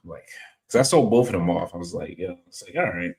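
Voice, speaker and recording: Low-voiced guy hosting a chill podcast, animated, swings up and down a lot, acts out his own quotes. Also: fast talker, vocal fry. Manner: animated storyteller, quotes himself a lot, reads viewer comments. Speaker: podcast host. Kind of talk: casual chat. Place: home studio, video call setup.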